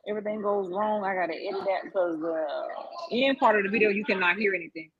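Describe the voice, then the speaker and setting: A woman's voice: mid-range voice, quick pace, crowd noise, natural voice. A woman talking casually in a vlog clip, rambling offhand about chores and her kids. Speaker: vlogger in a clip being reacted to. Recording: dull lo-fi playback audio.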